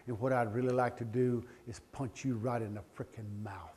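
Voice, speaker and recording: A middle-aged man giving a speech to a live audience, telling a personal story with passion, swinging between loud pleading and quiet, emotional confession. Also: medium pitch, level tone, fairly quick, few pauses, a little hiss or hum. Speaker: motivational speaker.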